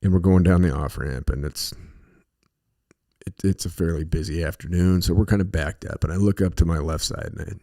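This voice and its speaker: A man's voice: deep voice, brisk, dark tone. A middle-aged man hosting a podcast, telling stories in a rambling, profane, casual way with lots of fillers. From western United States. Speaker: podcast host. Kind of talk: casual monologue.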